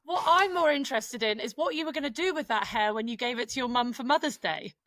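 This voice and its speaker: High-voiced teasing woman host. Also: fast, a bit bright, no echo. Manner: teasing, jokey. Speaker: podcast host. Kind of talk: casual chat, asking questions.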